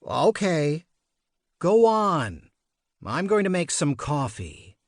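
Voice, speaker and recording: A man voicing a short-tempered mother in her thirties, with a harsh, loud voice and sarcastic, snappish delivery. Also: low-pitched, sing-song, slow pace, no echo, clean studio sound, exaggerated voice. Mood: curt. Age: 30s.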